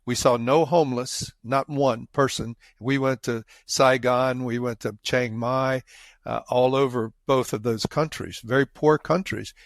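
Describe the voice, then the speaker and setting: A man co-hosting a podcast, chatting casually and haltingly, restarting his sentences. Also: mid-range voice, fairly even intonation, dry recording. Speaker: podcast co-host. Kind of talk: casual chat.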